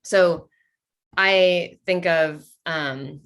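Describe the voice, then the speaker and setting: A woman's voice: on the low side, extremely slow, fairly bright tone, clear, resonant tone. A woman leading an online workshop over a video call, playful and upbeat as she reads out answers from the chat. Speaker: workshop leader.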